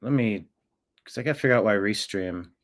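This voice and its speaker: A man's voice: lowish voice, fairly quick. A man hosting a live-stream show, muttering to himself as he fixes settings and breaking into profane, confrontational demands aimed at a commenter. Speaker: livestream show host.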